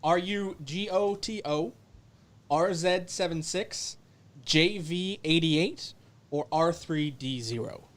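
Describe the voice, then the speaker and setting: A man's voice: fairly high pitch, takes it slowly. Playful male podcast co-host. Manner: playful, teasing. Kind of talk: casual podcast banter.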